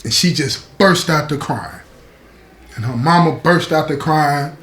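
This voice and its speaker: A man telling a story in a casual, conversational style. He talks directly to his audience at a slow pace. His voice is slightly high and echoes in a roomy space. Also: a bit bright. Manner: conversational, addresses listeners directly. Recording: roomy echo.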